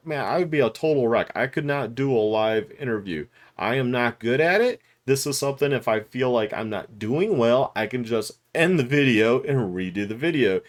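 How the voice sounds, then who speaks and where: A middle-aged man giving candid, rambling commentary to the camera, with restarts and chuckles along the way. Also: medium pitch. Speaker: YouTube commentator. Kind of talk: unscripted talking-head commentary.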